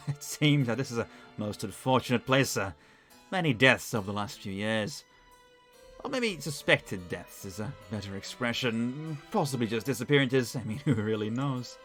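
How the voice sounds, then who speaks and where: A man's voice: mid-range voice, fairly bright tone. A man with a Northern English accent reading the lines of an old, evasive male butler in a formal, polite manner, with faint music behind. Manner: polite, formal, read aloud.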